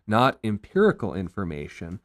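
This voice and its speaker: Earnest low-voiced pastor, dry sound. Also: male voice, huge pitch swings, dry recording. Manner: earnest, explanatory, brisk. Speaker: pastor and host. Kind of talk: faith discussion podcast.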